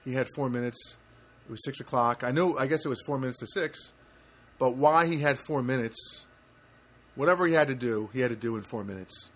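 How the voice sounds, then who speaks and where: A man's voice: medium pitch, a little fast, fairly bright tone. A man hosting a homemade podcast from his apartment, chatting casually and telling stories with lots of fillers and self-corrections. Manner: rambling storyteller with many fillers and self-corrections. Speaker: podcast host. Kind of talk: casual solo podcast chat. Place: home studio apartment. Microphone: homemade podcast setup.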